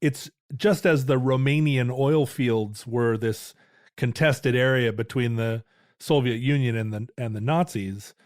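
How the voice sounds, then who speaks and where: A man's voice: medium pitch, a little mellow, no room sound. A man co-hosting a podcast, asking questions and adding dry wisecracks in casual chat. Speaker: podcast co-host.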